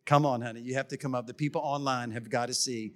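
The speaker is a middle-aged pastor giving a church sermon with heavy emphasis, repeated key phrases, and frequent stumbles on his words. His medium-pitched, fairly bright voice moves quickly with fairly even intonation, over a little hiss or hum.

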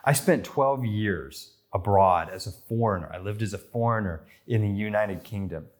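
An American man in his thirties preaching a sermon, telling stories and lifting his voice for quoted lines and excited passages. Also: moderate pace. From United States. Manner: storytelling, rises in pitch for quoted voices and excitement. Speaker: pastor.

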